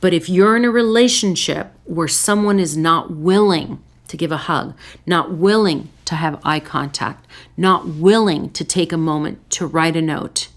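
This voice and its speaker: A woman hosting a relationship advice talk and speaking straight to her listeners. She uses short, punchy, repeated phrases. Every so often she breaks into excited, high-pitched voices to act out joyful greetings. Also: unhurried. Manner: lively, bursts into excited high voices when acting out greetings. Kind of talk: direct advice talk to camera.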